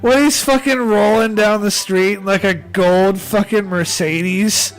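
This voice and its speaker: A man's voice: high-pitched, steady tone, unhurried, faint music behind. An American man streaming live, chatting casually in a rambling way, swearing constantly and laughing at his own jokes. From United States. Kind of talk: casual chat on a livestream.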